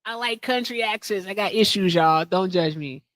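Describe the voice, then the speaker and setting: A woman hosting a casual livestream chat, loud and teasing, joking with callers and laughing often. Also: medium pitch, moderate pace, a loud crowd. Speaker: host.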